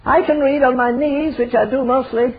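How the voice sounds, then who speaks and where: A man's voice: very high-pitched, fairly even intonation, moderate pace, slight background noise. An older man preaching a fiery, emphatic sermon full of rhetorical questions. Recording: tinny phone-like sermon recording.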